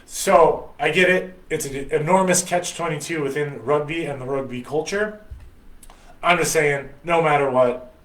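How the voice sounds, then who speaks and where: A man's voice: a little high, roomy sound, low-quality recording. Blunt, profane American man ranting. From United States. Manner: blunt, profane, rambling rant. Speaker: podcast host. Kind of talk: casual opinionated monologue.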